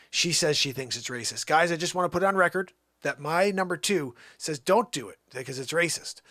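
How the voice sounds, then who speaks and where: Animated high-voiced male livestreamer. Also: dry recording, studio quality. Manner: animated, emphatic, defensive, talks to chat. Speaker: livestream music show host. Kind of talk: rambling live-stream chat.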